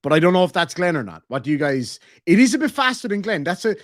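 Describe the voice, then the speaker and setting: A man's voice: high voice, big pitch swings, fast, no echo, studio quality. An Irish man hosting a casual stream, reading member messages aloud in a joking, crude, rambling way. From Ireland. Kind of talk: casual reaction stream chat.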